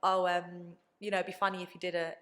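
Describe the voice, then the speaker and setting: Fast-talking bright woman. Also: fairly low pitch. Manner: animated storytelling, acts out quoted people. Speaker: podcast guest. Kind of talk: casual chat.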